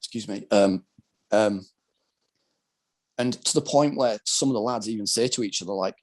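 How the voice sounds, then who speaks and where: A former British soldier who plays wheelchair rugby speaks in a fairly low voice at normal speed, pausing often. As a podcast guest he relates his story candidly and casually, rambling and using many filler words.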